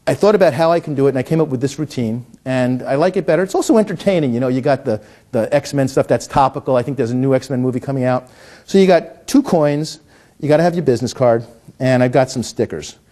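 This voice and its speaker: Comedic patter accompanies a coin trick from a middle-aged man, who then explains it while stammering and restarting. His voice is mid-range, mellow and a little fast.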